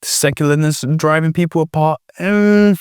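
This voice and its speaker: A man hosting a podcast in a casual conversation, talking hesitantly with many fillers and pauses to search for words. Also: fairly high pitch, darkish tone, clean tone, dry recording, studio quality. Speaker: podcast host.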